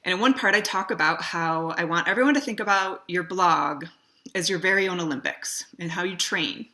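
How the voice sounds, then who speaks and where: A woman speaks to camera in a relaxed, conversational way, leaning on key words for emphasis. Her voice sits a little low, with a bright, forceful edge. She gives friendly practical advice on speaking for video. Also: normal speed. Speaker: community founder giving video advice. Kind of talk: casual direct-to-camera talk.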